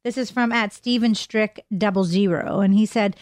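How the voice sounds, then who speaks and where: A woman's voice: mid-range voice, steady tone, moderate pace, a little mellow, no room sound, clean studio sound. A woman co-hosting a radio show, bubbly and enthusiastic. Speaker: radio co-host. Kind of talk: casual radio chat. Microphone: studio mic.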